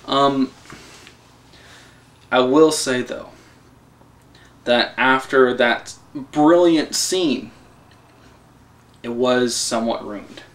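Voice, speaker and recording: A young man giving a casual, excitable, rambling film review, swearing and laughing as he goes. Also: mid-range voice, extremely slow, long pauses. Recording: voice a bit distant from the mic.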